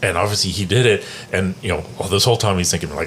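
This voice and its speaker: A man's voice: low voice, fast talker, fairly bright tone, a little hiss or hum. A man co-hosting a music roundtable, telling long rambling stories with many fillers. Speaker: podcast co-host. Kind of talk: casual roundtable chat.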